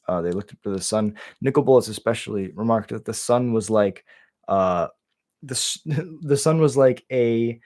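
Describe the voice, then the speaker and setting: A man's voice: medium pitch, a little mellow. A young man casually retelling fantasy game lore, rambling with lots of fillers and restarts. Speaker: lore video creator.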